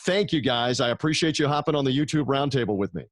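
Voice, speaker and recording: A man's voice: medium pitch, animated, fast talker, no room sound. A man hosting a sports talk show with an upbeat, salesman-like drive, his voice sitting in a mid range for a man. The sound is dry and close, with almost no room around it. He keeps the energy up while promoting shows and throwing questions to guests. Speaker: podcast host.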